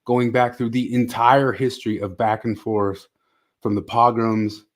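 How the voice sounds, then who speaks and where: A man's voice: medium pitch, little pitch movement, measured pace. A man co-hosting a casual podcast, exasperated and ranting, with mocking asides. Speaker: podcast co-host.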